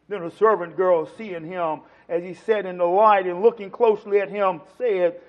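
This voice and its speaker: A man preaching a sermon, swinging from loud, emphatic lines to hushed ones and acting out the quotes. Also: high voice, steady tone, moderate pace, few pauses. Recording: dull lo-fi sound.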